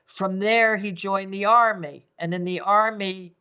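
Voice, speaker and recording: An older Englishwoman, a five element acupuncturist, speaks as a guest in a conversational podcast interview. Her mid-range voice is clean, pushed and bright, with fairly even intonation and an unhurried pace. She is reflective and tends to repeat words while searching for them.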